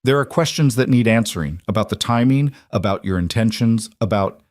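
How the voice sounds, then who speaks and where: A man's voice: on the low side, expressive, fairly quick, no room sound, clean studio sound, natural voice. A man voicing a meddling frontier townswoman who pries with indignation. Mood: indignant. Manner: prying, indignant. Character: prim, meddling middle-aged townswoman.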